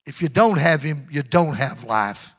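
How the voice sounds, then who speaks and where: A middle-aged male pastor preaching a sermon in call-and-response style, drawing amens from the congregation. His voice sits a little high and rings bright and forceful. He swings between loud emphasis and hushed asides. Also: animated, measured pace, breathy edge.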